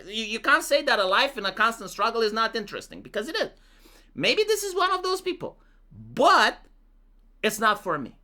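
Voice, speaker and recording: A Romanian man with a Romanian accent runs through the comments on his YouTube commentary channel, reading some aloud in a mocking voice. His voice is very high, pushed and bright, with big pitch swings at a normal speed, and he fills his talk with "like."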